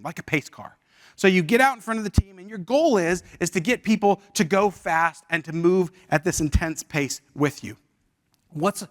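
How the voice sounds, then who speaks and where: A man in his forties speaks from the front of a workshop, his voice sitting a little high. He talks casually and tells stories, turning often to the audience with questions. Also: a bit bright. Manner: conversational storytelling with audience questions. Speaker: leadership workshop presenter. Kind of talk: live workshop talk. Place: university event hall.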